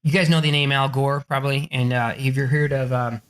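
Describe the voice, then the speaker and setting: A man who is a podcast guest and author, telling profane, excitable stories and acting out quotes in a raised voice. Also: mid-range voice, fairly quick. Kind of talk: animated storytelling in an interview.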